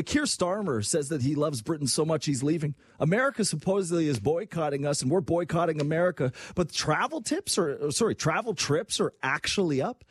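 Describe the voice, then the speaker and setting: A man hosting a radio talk show, talking in an energetic, rambling way. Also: fairly high pitch, slightly rough, no room sound. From Canada. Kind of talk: fast casual radio talk.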